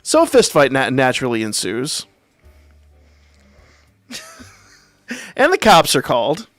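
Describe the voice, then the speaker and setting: A man's voice: medium pitch, wildly swooping pitch, a little slow, no room sound, faint music behind. A man hosting a livestream, telling a story in a wry, profane, casual way. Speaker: livestream host.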